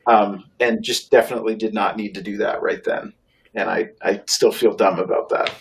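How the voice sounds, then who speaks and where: A man's voice: on the low side, steady tone, normal speed, slight background noise. A man co-hosting a casual chat show, rambling and poking fun at himself. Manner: rambling, self-deprecating. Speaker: podcast co-host.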